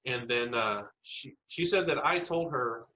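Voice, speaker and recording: A man from South Texas recounting eerie personal stories as a podcast guest. His voice is bright and forward, sitting in a middle pitch. He talks in an earnest, halting way, often restarting his sentences. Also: a little hiss or hum, low-quality recording. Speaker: interview guest.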